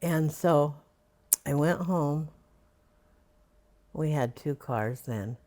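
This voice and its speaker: A woman's voice: low voice, very slow, warm tone. An older woman being interviewed for an oral history, reminiscing in a rambling way with many fillers.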